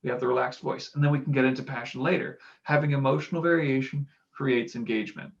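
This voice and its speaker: A man's voice: medium pitch, quick pace, dull audio. A man giving casual analytical commentary on public speaking, now and then acting out example lines to show delivery. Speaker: speaking coach commenting on clips.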